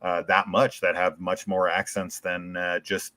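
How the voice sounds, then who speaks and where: A man's voice: deep voice, completely flat delivery, a little slow, bright, forceful tone, no echo. An American man chatting casually as a podcast host, rambling with lots of "like" and restarts. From United States. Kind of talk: casual chat.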